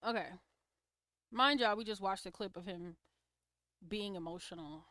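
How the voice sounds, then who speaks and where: A woman's voice: medium pitch, moderate pace, bright, forceful tone, dry recording, studio quality. A woman hosting a casual livestream, giving opinionated commentary on clips and reacting to viewer comments. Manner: opinionated, talks back to chat comments.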